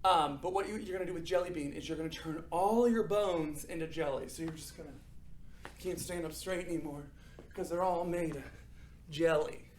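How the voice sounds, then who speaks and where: A young adult man teaching children a drama warm-up, upbeat and encouraging, checking in often. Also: fairly high pitch, fairly even intonation, moderate pace, echoey room, slight background noise. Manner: upbeat, encouraging, frequent "okay?" check-ins. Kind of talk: guided acting warm-up for children.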